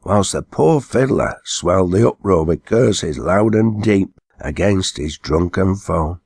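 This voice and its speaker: A man narrating an old dialect story, reading it aloud in a steady storytelling way. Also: deep voice, a little slow, creaky, slightly rough, no room sound, clean studio sound.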